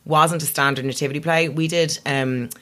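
Low-voiced posh South Dublin woman. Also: steady tone, normal speed, fairly bright tone. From Ireland. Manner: chatty, self-mocking, laughs often. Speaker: comedian. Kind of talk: casual podcast chat.

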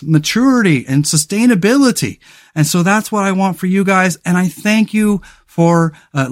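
A man hosting a solo motivational podcast, talking earnestly and rambling, with frequent restarts, fillers and the odd swear word. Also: high-pitched. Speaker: podcast host.

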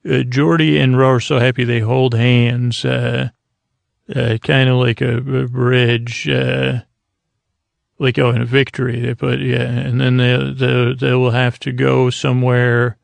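Male podcast host, very gravelly and monotone, halting, filler-heavy recap read from notes, dry close sound. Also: mid-range voice, dry recording. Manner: halting, many fillers, loses his place. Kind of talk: casual episode recap from notes.

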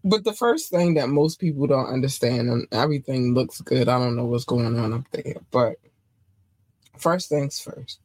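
A woman's voice: a bass voice, moderate pace, a little mellow, dry recording. A woman from hosting a casual livestream show, loose and rambling, repeating her words, chewing gum as she talks. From Baltimore, United States. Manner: chewing gum while talking. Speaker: show host.

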